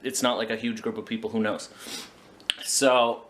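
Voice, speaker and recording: A man's voice: fairly low pitch, flat delivery, moderate pace, a bit bright, a little hiss or hum. A man talking casually in a home vlog, chatty and self-mocking, with a kitchen around him. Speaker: vlogger.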